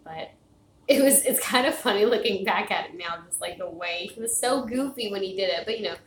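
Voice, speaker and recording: A woman's voice: medium pitch, expressive, fairly quick. A woman chatting casually on a home livestream, rambling and laughing often, growing tired and out of breath. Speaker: livestream host. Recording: echoey room with faint noise.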